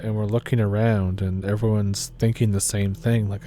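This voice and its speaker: Low, dark-voiced man narrating a story. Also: normal speed, few pauses, soft background music. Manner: steady, low-key storytelling. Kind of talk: scripted narration reading a story aloud.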